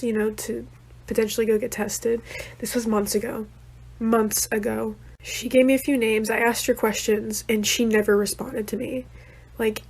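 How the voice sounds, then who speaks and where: A woman's voice: mid-range voice, vocal fry, a little mellow, husky. A young woman, stuffy-nosed from being upset, talking to camera in an earnest, apologetic vlog rant. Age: young adult.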